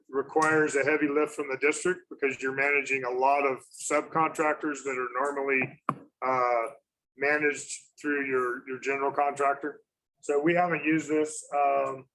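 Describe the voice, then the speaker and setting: A man presenting to a school district meeting, halting with many fillers and self-corrections. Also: a little high, fairly bright tone, slight background noise, poor audio.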